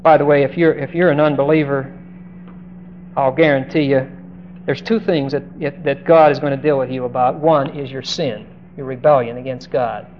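Speaking at normal speed in a steady, medium-pitched voice, a man preaches emphatically on a Bible passage. He draws out key words and questions listeners directly, and the dull lo-fi audio carries a faint hiss.

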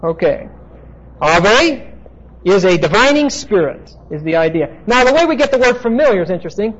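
A man teaching a Bible lecture in a classroom, explaining terms step by step and pausing often with "uh". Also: high voice, big pitch swings, a bit bright, husky. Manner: explanatory, halting with frequent "uh" fillers. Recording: dull lo-fi recording.

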